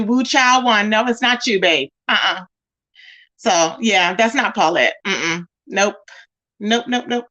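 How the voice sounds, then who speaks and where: A woman hosts a casual livestream, talking directly to her viewers and calling them "y'all" and "child." Her voice is on the high side and a bit bright.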